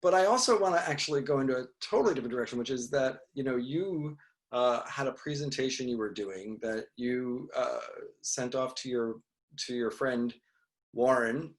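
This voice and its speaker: A man's voice: medium pitch, normal speed. A male podcast host asking long, hesitant questions full of fillers in a casual interview.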